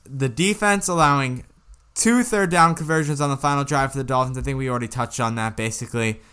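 A man co-hosting a casual sports podcast, animated and exasperated with rhetorical questions. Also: mid-range voice, a little fast, clean tone. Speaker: podcast co-host.

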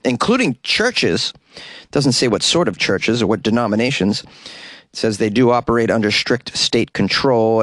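A man's voice: mid-range voice, no echo. A man hosting a comedy news podcast, reading stories and cutting in with sarcastic jokes, recorded in a small closet. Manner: sarcastic, joking asides. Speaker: podcast host.

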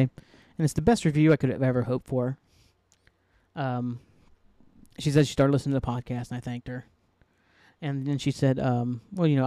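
A man's voice: medium pitch, mellow, no room sound. A man hosting his own solo podcast, talking casually and ranting heatedly, swearing a lot and rambling with many fillers. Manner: heated, profane, rambling with frequent "like". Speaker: podcast host.

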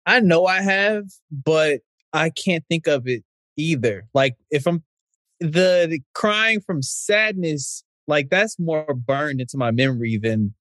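Higher-voiced man reading questions. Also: expressive, slow, a bit bright, no room sound. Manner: plain, reads questions aloud. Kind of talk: casual chat.

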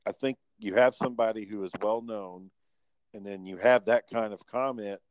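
A man's voice: lowish voice, fairly even intonation, normal speed, no echo, low-quality recording. A man chatting casually on a podcast, rambling and swearing, with many fillers. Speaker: podcast co-host. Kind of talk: casual chat.

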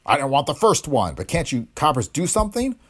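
A man's voice: on the high side, very animated, a little fast, voice pushed up. A man voicing a blustering male hotel manager, indignant and sputtering. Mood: outraged.

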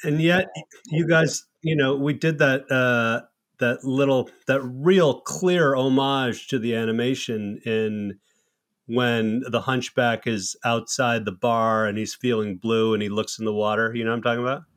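A man telling salty, animated stories about his comedy troupe in a casual podcast chat. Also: medium pitch, measured pace. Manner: profane, animated anecdotal storytelling. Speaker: comedy troupe member, co-host.

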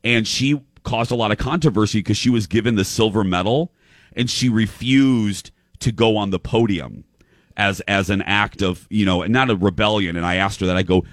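A man hosting a show in casual chat, telling a story with quick restarts and quoting what others said. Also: on the low side, no echo, studio quality. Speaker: show host.

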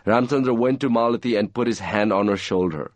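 A man reading aloud from his own novel in a measured, even storytelling manner. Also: fairly low pitch, no room sound.

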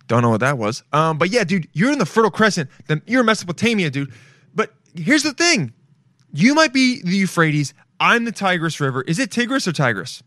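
A fairly high-voiced man talks on his own podcast, drifting from thought to thought and swearing casually. He keeps tossing in "dude" and "bro". His close mic sounds dry, with no room echo at all. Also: big pitch swings, fairly quick, bright, forceful tone. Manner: rambling, profane, loose, calls listeners dude and bro. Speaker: podcast host. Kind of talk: rambling solo podcast monologue.

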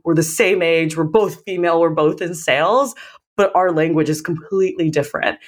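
An American woman, a sales leader, telling stories in a casual interview and acting out the dialogue. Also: lowish voice. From United States. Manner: animated storyteller, acts out dialogue. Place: living in London.

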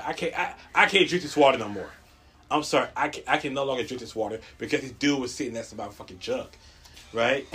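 A man telling a comedic story in casual talk, swearing a lot and jumping into a high voice when quoting others. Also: a little hiss or hum. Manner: profane, animated, acts out quotes in a high voice.

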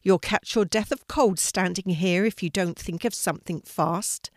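A woman's voice: fairly low pitch, moderate pace, dry recording, studio quality, close to an everyday voice. A woman doing a mean, bossy squirrel brother. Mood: scolding. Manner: sharp, scolding.

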